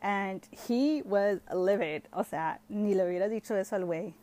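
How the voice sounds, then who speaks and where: A woman's voice: mid-range voice, normal speed, warm tone. Chatty young woman telling a story. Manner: chatty, heavy use of "like", switches between English and Spanish. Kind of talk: casual storytelling.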